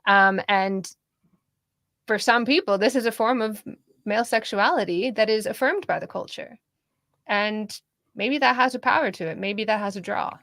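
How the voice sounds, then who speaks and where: Gravelly-voiced woman, animated chatter. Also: mid-range voice, moderate pace, no echo, clean studio sound. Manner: animated, laughs while talking. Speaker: podcast co-host. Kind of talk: casual political discussion.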